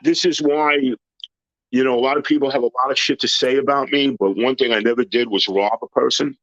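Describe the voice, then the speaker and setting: Blunt tough-talking man, bright and dry. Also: mid-range voice, fairly even intonation, fairly quick, dry recording, highs cut off. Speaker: guest telling personal stories. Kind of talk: casual storytelling interview.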